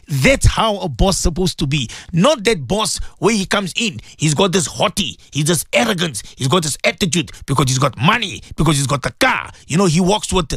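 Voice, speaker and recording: A man hosting a morning radio show, giving religious advice in a preachy, animated way, repeating phrases for emphasis. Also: high-pitched, brisk, no echo, clean studio sound. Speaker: radio presenter. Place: radio studio.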